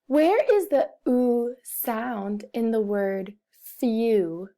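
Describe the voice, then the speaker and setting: A woman guides young children through a phonics lesson, saying each word deliberately and repeating it so they can follow. Her voice sits a bit high but sounds soft and mellow. She talks very slowly and patiently, like a teacher speaking to first graders. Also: lively intonation. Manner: over-enunciates words and repeats them, speaks to children.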